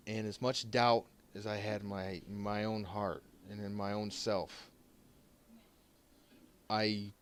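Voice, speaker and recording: A man giving an emotional thank-you to his stream viewers, choked up and halting, restarting his sentences and pausing often as he holds back tears. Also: lowish voice, clear, resonant tone. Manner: halting and heartfelt, many restarts and pauses.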